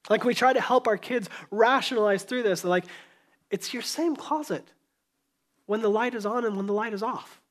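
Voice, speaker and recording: A man pastor preaching a sermon in a church, telling the story conversationally, acting out voices and dropping to a hushed tone. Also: high voice, normal speed.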